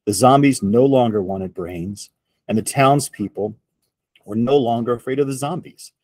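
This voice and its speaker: A man reading a picture book aloud to children in an expressive storytelling voice. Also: mid-range voice, no room sound. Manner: slow, expressive read-aloud.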